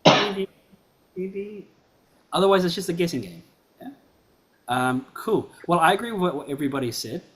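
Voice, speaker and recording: A man's voice: fairly high pitch, lively intonation, quick pace, slight background noise. A man teaching piano, giving a student encouraging feedback in a performance class and often checking that he is understood.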